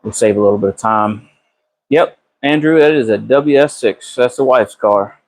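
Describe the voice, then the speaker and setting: Relaxed man chatting in his garage. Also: mid-range voice, moderate pace, low-quality recording. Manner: relaxed, drawling, swears freely, answers chat by name. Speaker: car builder live-streaming a transmission repair. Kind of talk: casual live-stream chat with viewers. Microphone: phone camera.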